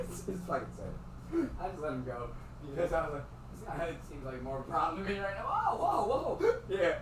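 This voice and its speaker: A man tells a loose, wandering story in a somewhat high voice, swearing freely and breaking into laughter. He sounds set back from the microphone, with a faint hiss of noise behind him. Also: mellow, far from the mic, poor audio. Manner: rambling and profane, laughing often. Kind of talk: casual storytelling.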